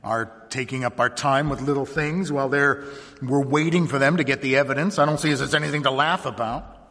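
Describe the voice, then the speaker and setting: A man's voice: mid-range voice, a little fast, a bit bright, in a large hall, natural voice. A man reading as a mild, plain-spoken farm wife. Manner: mild, matter-of-fact. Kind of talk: reading a story aloud.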